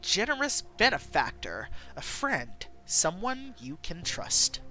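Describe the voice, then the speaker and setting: A woman voicing a smug, scheming wealthy man with a lower, soft and sly delivery. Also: very animated, slow pace, exaggerated voice.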